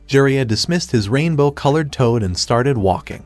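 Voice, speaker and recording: A man narrating a fanfiction story in a plain, even reading. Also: medium pitch, moderate pace, hardly any pauses, no room sound.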